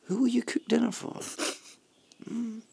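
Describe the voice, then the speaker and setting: An actor in a radio drama playing a guilt-ridden, self-mocking womanizer who swings between pleading and wry jokes, with a husky voice. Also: very high-pitched, little pitch movement, measured pace, warm tone, full character voice.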